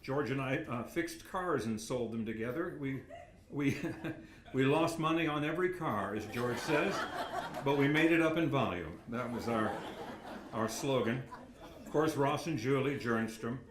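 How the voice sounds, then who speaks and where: A man's voice: mid-range voice, normal speed. An older man, a retired sportscaster, giving a rambling, self-deprecating acceptance speech with many anecdotes and chuckles at a podium microphone. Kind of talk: after-dinner acceptance speech. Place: banquet hall. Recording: echoey hall with faint room noise.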